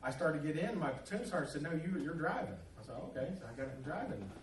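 A man delivers a sermon, rambling and folksy with plenty of "uh"s. His voice sits a little high for a man. He is heard from a distance in an echoey church sanctuary with faint room noise. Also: big pitch swings, racing. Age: middle-aged or older. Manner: folksy, rambling with many fillers. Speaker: pastor. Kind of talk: sermon with storytelling.

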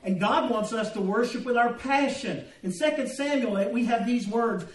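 A man's voice: very high voice, normal speed. A man preaching a sermon in a church, folksy and joking as he tells anecdotes. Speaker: pastor. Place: church sanctuary. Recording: echoey room, distant mic.

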